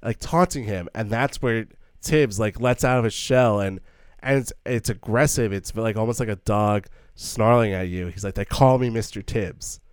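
A man's voice: fairly low pitch, moderate pace, smooth, no echo, clean studio sound. A man co-hosting a casual film discussion, earnest and thinking aloud with many stumbling restarts. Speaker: podcast co-host.

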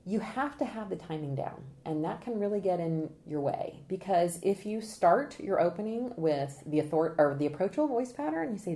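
A woman's voice: fairly low pitch, brisk, few pauses. A woman trial consultant giving an interview, talking with energy, laughing and acting out what jurors say. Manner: energetic, animated, acts out quotes with laughs. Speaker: trial consultant and presentation coach. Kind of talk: podcast interview guest.

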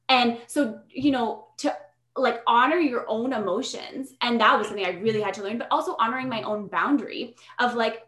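Podcast guest, young woman, upbeat and talkative, a bit higher pitched. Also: a little fast, a bit bright. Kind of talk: casual podcast conversation. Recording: roomy echo.

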